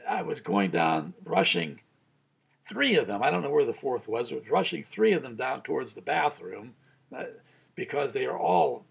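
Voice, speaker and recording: A man's voice: mid-range voice, gravelly, slightly rough. A man in his sixties, a pastor, giving an earnest Bible study sermon with a personal story, chuckling as he tells it.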